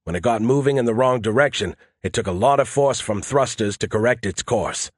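A man's voice: medium pitch, brisk, husky, dry recording. A man narrating a first-person audiobook in a dry, wry, matter-of-fact way.

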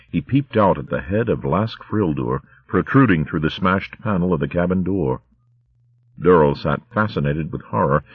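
A man reading a story aloud in a steady, measured audiobook narration. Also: deep voice, slightly rough, no echo, narrow, tinny audio.

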